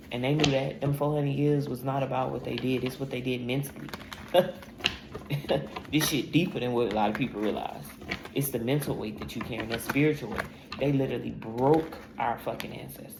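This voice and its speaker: A woman tarot reader talking through a casual spiritual reading, blunt and emphatic, swearing freely as she tells her own story. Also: very deep voice. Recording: echoey room with clear background noise.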